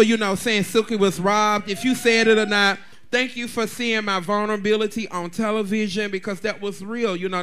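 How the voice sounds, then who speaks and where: Animated bawdy man with a very high voice. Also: clean tone. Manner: animated, bawdy storytelling full of laughter. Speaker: guest drag performer. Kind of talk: casual chat.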